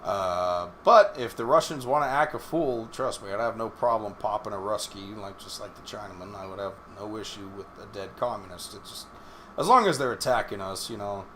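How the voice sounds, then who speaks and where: A man's voice: lowish voice, brisk, sharp tone, a little hiss or hum. A man hosting a podcast, reading a news article aloud and then riffing on it with blunt, joking opinions in casual chat. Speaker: podcast host.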